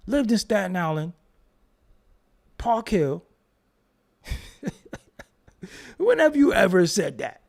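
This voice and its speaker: A middle-aged man from Brooklyn, delivering a heated, profane livestream rant. His pitch swings widely as he mocks and taunts, laughing between jabs. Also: sing-song, takes it slowly, gravelly, pauses often, a little mellow. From Brooklyn, New York. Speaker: livestreamer answering chat.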